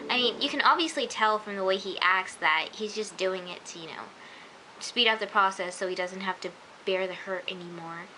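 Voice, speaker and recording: A woman's voice: medium pitch, moderate pace, bright, forceful tone, rough recording. A teenage woman chatting casually through an episode review, gushing and peppering her talk with "like" and "oh my gosh.". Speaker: vlogger. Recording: faint hiss.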